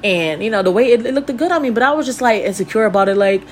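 A woman's voice: on the high side, lively intonation, fast, a little hiss or hum, low-quality recording. A young woman telling her own story in a casual, blunt way, swearing freely and rambling with fillers. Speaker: podcast host. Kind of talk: candid personal storytelling.

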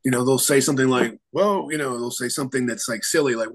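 A man's voice: medium pitch, fast, rough recording. A male attorney talking as a guest in an interview, telling his story in an earnest, rambling way. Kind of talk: conversational interview.

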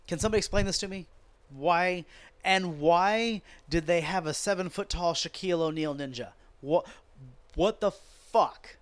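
A man's voice: sits high, normal speed, no room sound. Profane ranting man on a podcast. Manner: animated, profane, sarcastic ranting. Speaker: podcast host. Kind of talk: casual ranting wrestling commentary.

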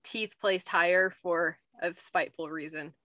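A woman's voice: on the low side, steady tone, normal speed, sharp tone, no echo. An American woman co-hosting a podcast in casual chat, thinking aloud and rambling with lots of fillers. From United States. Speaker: podcast co-host.

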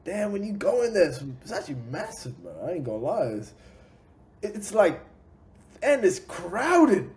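Animated Australian rapper telling stories. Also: male voice, high-pitched, moderate pace. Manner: animated storyteller, acts out what people said. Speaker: rapper guest. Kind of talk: casual podcast chat.

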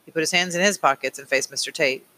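A man narrating a novel aloud in a measured, plain storytelling manner. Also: a little high, pushed and bright, poor audio. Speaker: audiobook reader. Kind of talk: audiobook narration.

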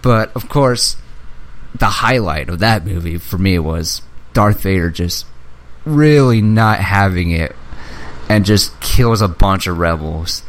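A young man with a slightly low voice talks in a loose, casual chat, getting carried away with enthusiasm. He swears freely and slips into little impressions of movie characters as he retells scenes. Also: slow. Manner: excitable fan, swears freely, acts out movie lines.

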